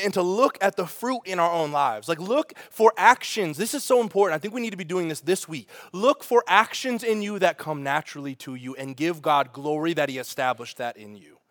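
Animated man preaching a sermon. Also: sits high, no echo, studio quality. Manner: storytelling with humor, animated asides. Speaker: pastor.

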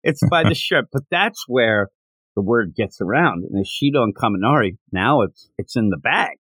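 Animated man chatting about comics. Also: mid-range voice, moderate pace, husky, no echo. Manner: animated, retells scenes with laughs. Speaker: podcast host. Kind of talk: casual chat reviewing a comic.

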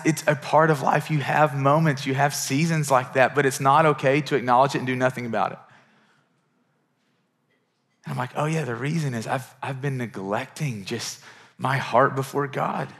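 Middle-aged guy pastor preaching, earnest and chatty, mid pitch voice, repeats himself as he builds. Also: steady tone, normal speed, a bit bright. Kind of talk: sermon.

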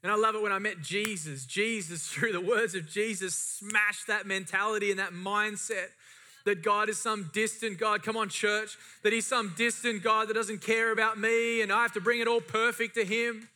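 Middle-aged male pastor, bright tone, impassioned sermon delivery. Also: high-pitched, steady tone, normal speed. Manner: impassioned, rising and falling emphasis.

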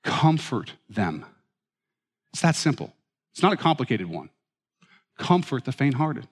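Animated male pastor in a reverberant hall. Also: medium pitch. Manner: animated, self-mocking storytelling. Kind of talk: sermon.

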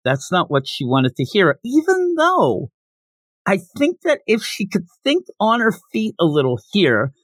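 A man with a high voice hosts a podcast, taking his time as he casually recaps a manga chapter. He gets animated and performs character voices, with no room sound in the recording.

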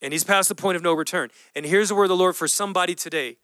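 Pastor, male, high and bright voice, clear and dry, casual animated preaching. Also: racing, dry recording. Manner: animated storytelling, acts out voices, casual slang. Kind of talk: sermon.

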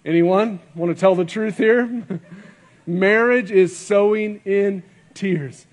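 A guest pastor preaching at a church service, a man with a noticeably high-pitched voice. He speaks earnestly and presses his points with rhetorical questions and repeated phrases. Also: slow, darkish tone. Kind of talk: sermon.

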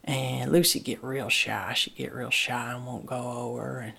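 Gravelly woman telling a plain-spoken story. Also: a bass voice, fairly even intonation, pushed and bright. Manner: plain-spoken, repetitive, halting restarts. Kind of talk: first-person dialect monologue.

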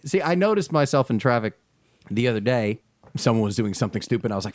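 A man's voice: mid-range voice, fast, no room sound. A man from New Jersey with a New Jersey accent, hosting a podcast in casual chat and laughing often. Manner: laughs often, animated storyteller. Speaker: podcast host.

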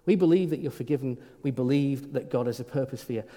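A warm, medium-pitched voice belongs to a middle-aged priest delivering a conversational, informal sermon at a quick pace. He frequently stammers and restarts, and the recording has the echo of a reverberant hall.

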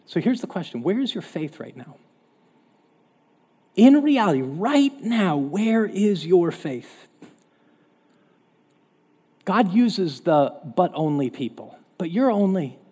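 A male pastor preaching a lively, conversational sermon. His voice is somewhat high, husky and mellow, and it swings up and down. A long hall reverb trails after his words. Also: takes it slowly, pauses often.

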